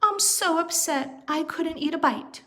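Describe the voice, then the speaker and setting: A woman's voice: very high-pitched, measured pace, a bit bright, voice pushed up. A woman voicing a fretful grown mother bear in a storybook, her voice raised and worried.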